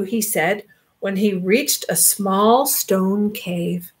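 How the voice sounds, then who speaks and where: An older woman reading a children's storybook aloud in an animated, expressive way. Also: mid-range voice, very slow.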